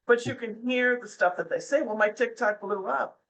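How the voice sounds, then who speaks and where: A woman's voice: a little high, moderate pace, vocal fry, a bit bright, a little hiss or hum, low-quality recording. A middle-aged woman, a podcast guest, chatting casually and telling stories, often slipping into the voices of the people she quotes. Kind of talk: casual interview chat.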